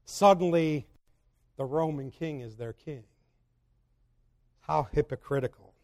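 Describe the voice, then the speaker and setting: Man, preacher, sermon, high voice, long hall reverb, emphatic then hushed scripture reading. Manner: swings between loud emphatic preaching and low, slow scripture reading.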